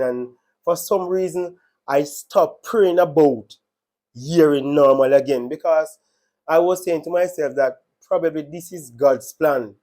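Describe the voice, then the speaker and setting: A Jamaican man tells his own faith testimony, his voice sitting a little higher than most men's. He talks earnestly and with emotion, often going back over the same words as he recounts what happened. It is an unscripted personal story. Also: darkish tone. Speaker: testimony speaker.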